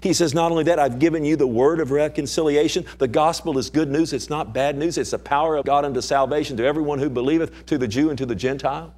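A middle-aged male pastor preaching a sermon, climbing to fervent pleas and dropping to soft, near-whispered appeals. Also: a little high, quick pace, hardly any pauses. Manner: preaching with rising fervor, then dropping to soft pleading.

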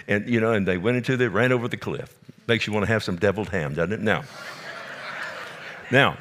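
Lower-voiced man preaching a sermon. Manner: emphatic, repeats words for effect, addresses listeners directly.

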